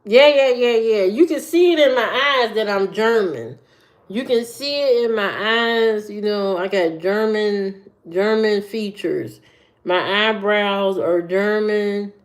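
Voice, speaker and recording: A woman's voice: mid-range voice, expressive, slow pace. A woman from Indiana chatting on a livestream and answering viewers, rambling and repeating her phrases. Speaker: livestream host.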